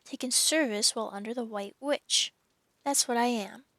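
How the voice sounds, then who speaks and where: A guilt-ridden male faun from a storybook, mournful and sobbing as he confesses, read by a woman in close to her own voice. The tone is creaky and dry. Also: fairly high pitch, moderate pace, a bit bright, no echo.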